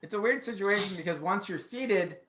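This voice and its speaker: A man's voice: high-pitched, animated, a crowd in the background. A man co-hosting a casual podcast chat, agreeing often and joking along. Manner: chatty, quick to agree and joke. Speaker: podcast co-host. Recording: echoey room.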